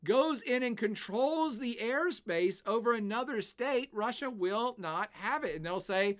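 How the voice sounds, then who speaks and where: Older male streamer, animated and chatty, answers viewer questions. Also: very high-pitched, measured pace, hardly any pauses. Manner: animated, laughs often, puts on silly voices. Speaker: livestream host. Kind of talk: casual livestream chat, answering chat questions.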